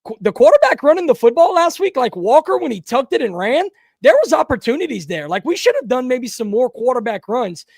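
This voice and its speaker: A man's voice: very high-pitched, sing-song, fairly quick, creaky, a little mellow, no room sound, studio quality. A man, co-hosting a casual sports talk podcast, emphatic and repeating himself when fired up. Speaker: podcast co-host.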